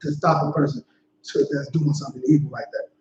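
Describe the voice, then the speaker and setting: A man's voice: a little high, steady tone, fast talker, darkish tone, slight background noise. A man leading a Bible study in a laid-back, slangy way, often saying "you know what I'm saying.". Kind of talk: casual scripture teaching. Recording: dull echoey livestream audio.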